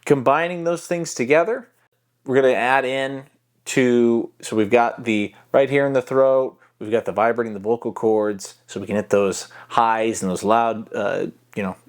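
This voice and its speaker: A man's voice: mid-range voice, fairly even intonation, unhurried. A man giving a casual voice-acting tutorial into a close mic, explaining technique with loose, demonstrative talk and many fillers. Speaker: voice-acting coach. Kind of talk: tutorial vlog. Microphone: close mic he sometimes touches.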